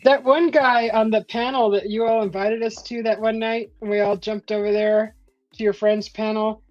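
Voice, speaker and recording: A woman's voice: on the high side, little pitch movement, moderate pace, no echo. A woman hosting a casual chat, rambling with many fillers and frequent laughs. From California. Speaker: host. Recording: dull lo-fi stream audio with faint music.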